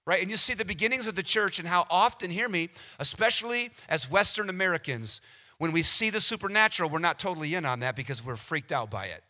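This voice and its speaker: A man preaching a sermon with a bright, cutting voice pitched a bit high. He is animated and acts out everyday scenes with quick quoted voices. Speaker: pastor.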